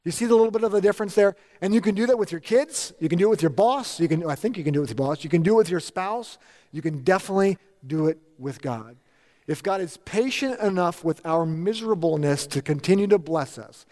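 High-voiced preaching man in a reverberant hall. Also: a little fast, darkish tone. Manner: emphatic preaching with repeated lists and rising emphasis. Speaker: pastor. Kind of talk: sermon.

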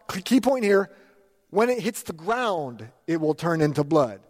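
A man preaching a sermon to a congregation, lively and animated, acting out quoted lines with big jumps in his voice. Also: sits high, measured pace, in a large hall. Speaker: pastor.

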